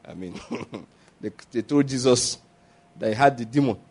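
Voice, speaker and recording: A man preaching a sermon as a pastor, animated and often laughing as he mimics others. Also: medium pitch, normal speed, husky.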